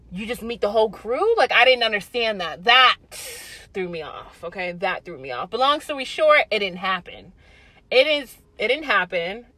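A young adult woman telling a casual story to her camera, blunt and animated, swearing freely. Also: on the high side, low-quality recording. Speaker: vlogger.

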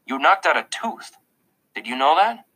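A man reading an audiobook voices a calm, kindly school principal in a gentle, measured way, sometimes hushed. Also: fairly high pitch, voice pushed up, exaggerated voice, poor audio.

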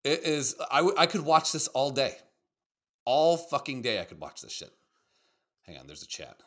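A man chatting loosely on a livestream, reacting to clips with lots of cursing and jokes. His voice is bright and edgy and leaps around in pitch. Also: moderate pace. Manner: animated, profane, joking. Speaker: co-host. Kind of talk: casual livestream video reaction chat.

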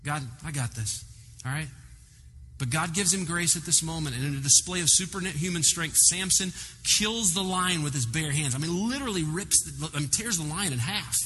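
A man delivers a sermon in an animated storytelling manner, with frequent asides to the congregation. His voice sits high and sounds very bright and sharp. It carries a long reverb from a large hall, with faint ambience behind it. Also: brisk, a little hiss or hum. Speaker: pastor.

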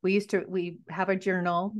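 A woman's voice: on the low side, little pitch movement. Rambling mother as an interview guest. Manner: rambling, halting, enthusiastic. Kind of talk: conversational interview.

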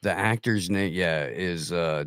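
A man guesting on a podcast, chatting casually with a deadpan, hesitant delivery. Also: sits low, a little slow, clean tone, dry recording, studio quality. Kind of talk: casual comedic chat.

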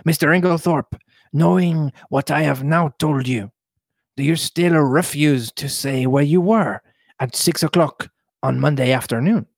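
Male podcast host, slow husky read-aloud, dry close mic. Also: a little high, no echo. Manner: reads slowly, adding playful asides. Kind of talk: casual chat and book reading.

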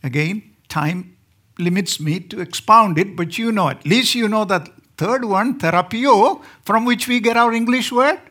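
With a high, unhurried, slightly bright voice, a guest speaker from India delivers a sermon in an Indian accent. He keeps things light, joking with the congregation and putting questions to them.

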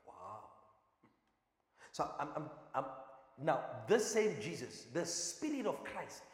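Guy preaching, keeps asking the crowd questions and repeating himself, high voice, bouncy, big echoey church sound. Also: sing-song, slow pace. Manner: call-and-response questioning, emphatic repetition. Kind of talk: sermon. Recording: echoey hall with long reverb.

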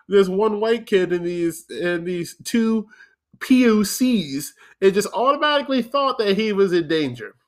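A man telling a funny story in a casual, profane way, laughing often and acting out the other people's lines. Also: a little high. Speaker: podcast host telling a story.

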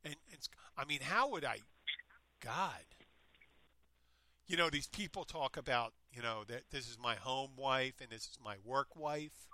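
A man with a very bright, forceful voice rambles through a story, stopping and starting as he goes. The sound is dry and close. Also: mid-range voice, measured pace, dry recording. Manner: meandering, self-interrupting, animated retelling. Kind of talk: casual chat, rambling storytelling.

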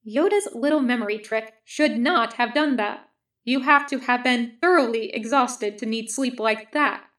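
A woman's voice: fairly high pitch, moderate pace, a bit bright, close to an everyday voice. Woman reading as a stern formal male medic. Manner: formal, no contractions, lecturing. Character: calm stern male clone army medic.

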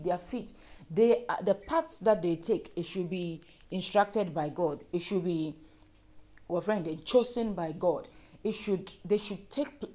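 A woman from Africa leads fervent group prayer, repeating petitions and breaking into speaking in tongues. Her voice is mid-range and mellow.

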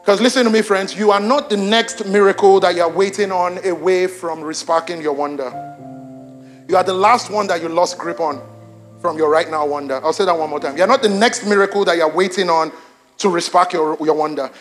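An animated young pastor with a notably high voice preaches to his church. He swings from loud exclamations down to hushed emphasis and keeps repeating his lines. Faint music plays softly underneath him. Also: a little fast. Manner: repeats lines for emphasis, addresses congregation directly. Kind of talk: sermon. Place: church auditorium with congregation.

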